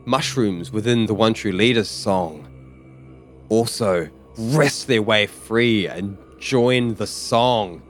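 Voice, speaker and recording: A man narrating a tabletop game as game master in a measured, descriptive way. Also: lowish voice, soft background music.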